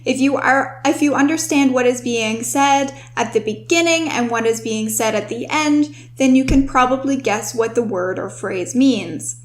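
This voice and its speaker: Higher-voiced woman teaching academic words. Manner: clear and instructive, slowing down to stress key words. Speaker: host and writing tutor. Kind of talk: scripted vocabulary lesson.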